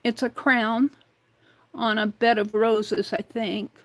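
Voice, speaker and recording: A woman's voice: fairly high pitch, little pitch movement, poor audio. A woman hosting a craft livestream, musing aloud as she works and now and then talking to herself in the third person. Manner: unhurried, musing aloud while working with hands. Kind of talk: casual craft demonstration.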